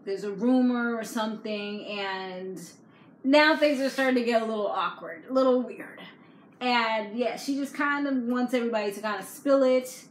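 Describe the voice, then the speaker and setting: A woman vlogger with a highish voice chats casually about a reality TV episode at normal speed, using lots of slang and laughing often. The room is echoey with faint background noise.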